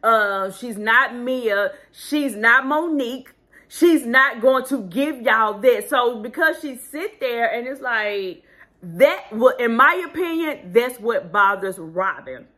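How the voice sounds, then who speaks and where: A woman's voice: fairly high pitch, takes it slowly. A woman giving casual, sassy commentary as a reality TV recap vlogger, talking animatedly. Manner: sassy, animated, does voices when quoting people.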